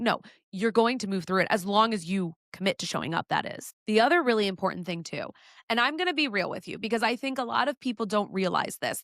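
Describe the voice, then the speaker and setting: A young adult woman hosts her own podcast and talks straight to the listener about heartbreak. She is blunt and swears freely, and she often slips into the worried inner voices of her audience. Her voice sits at a middle pitch, and the recording is close and dry with no room sound. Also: a bit bright, dry recording. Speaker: podcast host giving dating advice. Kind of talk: candid advice monologue.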